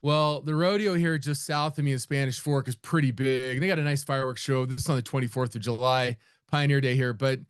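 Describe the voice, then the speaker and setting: A man's voice: mid-range voice, steady tone, fairly quick, few pauses, clean tone, no room sound, clean studio sound. A middle-aged man rambling casually as he hosts a live trading room session, with frequent restarts and laughs. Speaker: trading educator.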